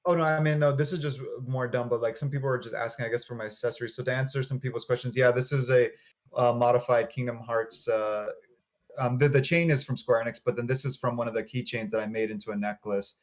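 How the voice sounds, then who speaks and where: A man chatting casually on a livestream, rambling with many pauses and fillers. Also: mid-range voice, steady tone.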